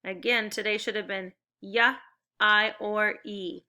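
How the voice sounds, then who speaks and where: A woman teaching a recorded phonics and spelling lesson to young children, speaking slowly and clearly with encouragement. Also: medium pitch, steady tone, bright, forceful tone.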